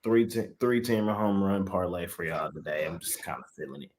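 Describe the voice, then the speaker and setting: A man's voice: sits low, lively intonation, brisk, darkish tone. A man co-hosting a casual sports betting show, laying out his picks with slangy, laid-back banter.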